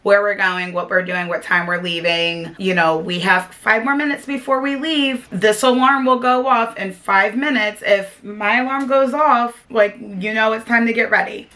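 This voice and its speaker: A woman's voice: medium pitch, pushed and bright. A young woman vlogging as a stay-at-home mom, talking in a chatty, earnest way and saying "like" often. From South Jersey, USA. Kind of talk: casual talk to camera.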